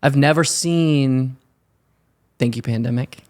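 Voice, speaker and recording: A man in a relaxed podcast interview, speaking as the guest musician. He reflects on his work in a laid-back, easy way. His voice sits at a middle pitch. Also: slow pace. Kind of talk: casual interview chat.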